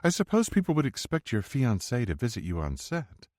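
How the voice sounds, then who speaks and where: A man voicing an eager, affectionate young woman with a soft, lifted questioning tone. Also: medium pitch, wildly swooping pitch, fairly quick, no room sound, studio quality, pitched above the performer's own voice. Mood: tender.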